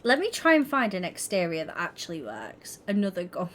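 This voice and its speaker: A woman's voice: lowish voice, huge pitch swings, a little fast, slight background noise. Giggly woman chatting with her stream. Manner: giggly and chatty, talks to viewers. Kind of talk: casual livestream chat while gaming.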